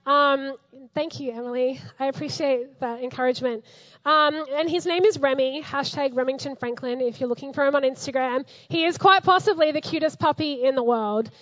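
High-voiced woman preaching a sermon. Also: normal speed, no echo, lo-fi sound. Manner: animated, conversational, laughs often. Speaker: pastor.

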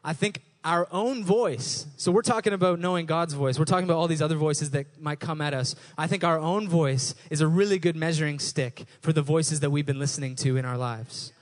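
A man's voice: fairly high pitch, brisk, hardly any pauses. Man preaching a casual, conversational sermon. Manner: conversational, repeats words when rephrasing. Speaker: pastor.

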